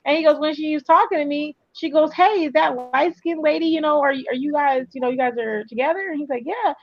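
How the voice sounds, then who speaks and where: A woman in casual chat, telling an animated story full of quoted dialogue. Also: high voice, fast talker, dull audio. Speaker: co-host.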